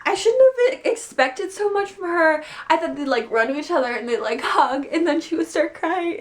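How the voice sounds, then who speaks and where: A young woman reviewing a book in a casual vlog, gushing and excitable, with lots of "like" fillers. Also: sits high. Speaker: book vlogger.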